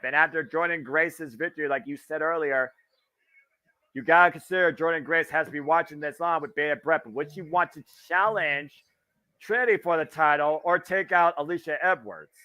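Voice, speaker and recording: Bright, chatty Midwestern man commentating. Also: fairly high pitch, smooth. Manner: chatty, wisecracking, swears freely. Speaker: wrestling watch-along host. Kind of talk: casual live commentary.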